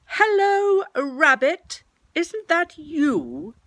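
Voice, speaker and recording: A woman voicing Winnie the Pooh, high and husky. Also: big pitch swings, takes it slowly, dry recording, exaggerated voice. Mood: calling loudly. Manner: ponderous and a little greedy. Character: slow, honey-loving male toy bear. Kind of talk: storybook reading.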